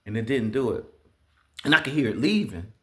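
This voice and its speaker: A man telling stories in a casual monologue, profane and animated, imitating the sounds he describes. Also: medium pitch, brisk. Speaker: vlogger.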